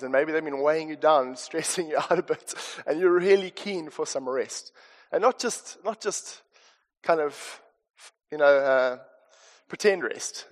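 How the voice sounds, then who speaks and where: A man with a South African accent preaching a conversational, earnest sermon with chatty asides, in a church hall. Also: a little high. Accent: South African English. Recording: long reverb of a church hall.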